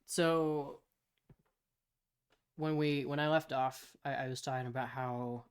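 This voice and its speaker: A man's voice: mid-range voice, fairly even intonation, slow pace, clear, resonant tone. A man co-hosting a podcast in casual chat, hesitant and often repeating his words. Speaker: podcast co-host and storyteller.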